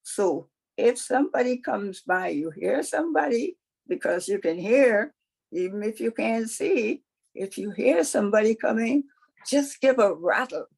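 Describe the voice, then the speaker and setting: A woman voicing the Lord in a folktale, folksy and matter-of-fact, speaking slowly. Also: a little high, expressive, creaky, a little mellow, husky, full character voice, poor audio. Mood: firm. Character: easygoing, firm male Lord figure.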